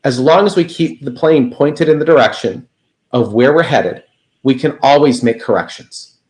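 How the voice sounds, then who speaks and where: A man's voice: medium pitch, normal speed, darkish tone, natural voice. A man quoting a laid-back jet pilot. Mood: calm.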